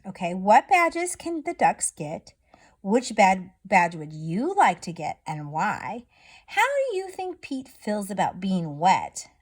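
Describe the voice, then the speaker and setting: A woman teacher reading a storybook to young children, asking gentle, encouraging questions. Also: mid-range voice.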